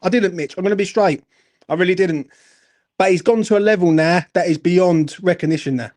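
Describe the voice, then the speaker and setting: Angry fan-channel host, high voice, swears nonstop, ranting. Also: male voice, brisk, a little mellow. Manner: angry, sweary, repeats "do you know what I'm saying". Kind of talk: heated football fan rant.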